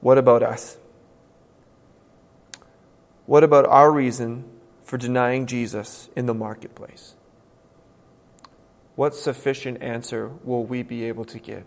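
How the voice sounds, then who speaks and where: A male pastor preaching a sermon with earnest emphasis, moving between hushed and loud, emphatic passages. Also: medium pitch, fairly even intonation, measured pace, pauses often. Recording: long reverb from a large hall.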